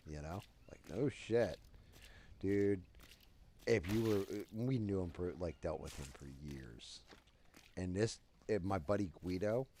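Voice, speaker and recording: Low voiced dude rambling on his stream, swearing a lot, faint hiss behind. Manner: rambling, crude, animated. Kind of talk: casual storytelling on a live stream.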